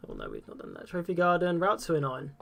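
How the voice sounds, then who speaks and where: A young man, commentating on a live game stream, casual and excitable and swearing freely. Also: on the high side, quick pace, creaky.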